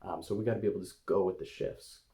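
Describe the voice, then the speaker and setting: A man with a deep voice and a gravelly edge talks softly and hesitantly as he leads a guided meditation on camera. He pauses often and fills the gaps with soft fillers while speaking gently to an inner part with his eyes closed. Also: steady tone. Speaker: eating coach and video host.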